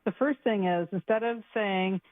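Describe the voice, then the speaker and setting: A woman's voice: mid-range voice, normal speed, no room sound. Older woman caller on a tinny phone line. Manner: plain-spoken, matter-of-fact. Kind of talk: phone-in advice.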